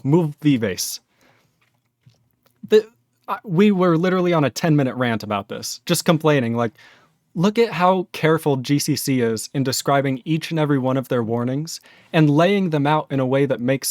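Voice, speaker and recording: A man hosting a programming livestream, chatting casually and excitably, rambling with quick laughs. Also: on the high side, no echo, studio quality. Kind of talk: casual livestream chat while coding.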